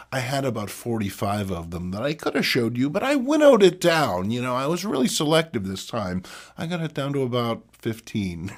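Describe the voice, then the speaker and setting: Male host, slow folksy delivery, lively lowish voice. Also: husky. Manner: folksy, slow, playful hosting. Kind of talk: casual comic collection show.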